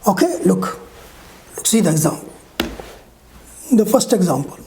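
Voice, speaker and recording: A woman's voice: mid-range voice, very animated, mellow, a little hiss or hum. A woman teaching English pronunciation, saying each sound with an example word and checking in with the learner. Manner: slow, deliberate, models each sound with examples. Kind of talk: pronunciation lesson.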